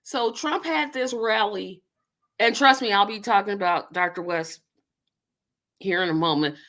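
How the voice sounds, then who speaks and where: Bright-voiced woman chatting on a livestream. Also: medium pitch, measured pace. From Indiana. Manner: rambling, talks to viewers while multitasking. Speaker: livestream host. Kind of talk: casual political livestream chat.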